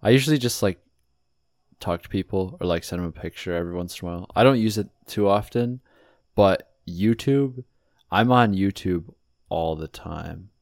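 A young man in casual chat, laid-back and hesitant, often pausing to search for words. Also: low voice, a little mellow, no echo, studio quality.

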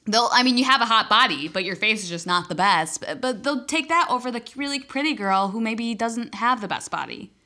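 A young woman in her twenties speaks with a bright, sharp tone. She tells stories animatedly in casual podcast chat, swearing freely as she goes. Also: on the high side, fairly quick, few pauses. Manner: animated, expressive storytelling with profanity.

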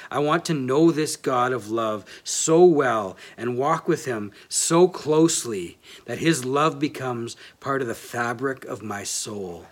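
A man's voice: mid-range voice, slow, hardly any pauses. Man giving a plain-spoken sermon. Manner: plain-spoken and self-deprecating, reads aloud from a book.

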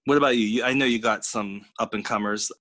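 A lowish, bright and forceful male voice, co-hosting a podcast and chatting casually with eager enthusiasm. The sound is dry and close. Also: steady tone, fast, no echo. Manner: enthusiastic, gushing about music. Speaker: podcast co-host. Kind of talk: casual chat.

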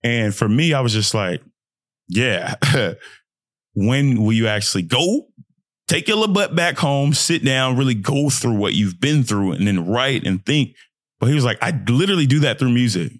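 A young man, a pro basketball player, talking casually and motivationally about mindset, breaking into high-pitched joking voices. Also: moderate pace, dry recording, studio quality. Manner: animated, swings into high joking voices and trash talk.

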